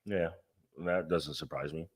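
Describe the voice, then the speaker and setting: A man's voice: very deep voice, steady tone, unhurried, slightly rough. A man co-hosting a casual car podcast, ranting and swearing emphatically. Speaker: podcast co-host. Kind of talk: casual profane car chat.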